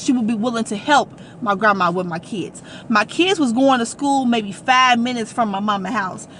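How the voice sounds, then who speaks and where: A young adult woman telling a personal story to her vlog audience in a casual, animated and emphatic way. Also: on the high side, slight background noise. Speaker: vlogger.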